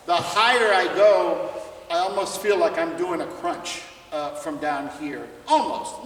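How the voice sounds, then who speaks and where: A visiting jazz trumpet clinician runs a clinic for students in a school music room or hall, his voice on the high side and a bit bright. He keeps it conversational, laughing often and quizzing the students as he teaches. The recording is echoey, captured from far off in the hall.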